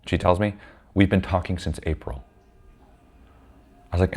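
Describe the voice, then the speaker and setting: A man's voice: low voice, fairly even intonation, normal speed, pauses often, darkish tone, husky. A man leading a men's group, telling a personal story in a blunt, heated, profane way.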